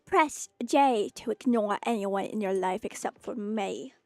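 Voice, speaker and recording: A woman's voice: mid-range voice, measured pace, faint music behind. A woman streaming a game in a playful, flirty way, chatting to her viewers. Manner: playful, flirty, talks to chat.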